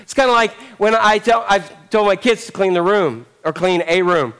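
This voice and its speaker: A man's voice: high-pitched, normal speed, fairly bright tone, smooth. A man preaching a sermon, telling a story animatedly and acting out the characters. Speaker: pastor.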